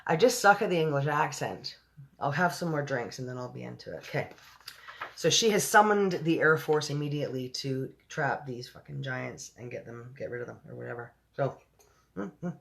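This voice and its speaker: A woman hosts a late-night livestream where she reads a book aloud. She chats loosely between passages, swearing casually and slipping in giggly asides. The mood is relaxed and unscripted. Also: extremely low pitch, moderate pace, gravelly. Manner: chatty, profane, giggly asides. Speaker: storybook reader and livestream host.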